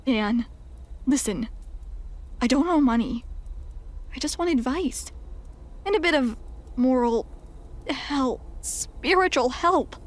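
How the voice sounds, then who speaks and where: A raspy, frightened man pleads in a low hush, as a woman reads him in a horror story. He speaks slowly and anxiously, his voice a little high for a man. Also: lively intonation. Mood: urgent. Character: nervous hushed man seeking help.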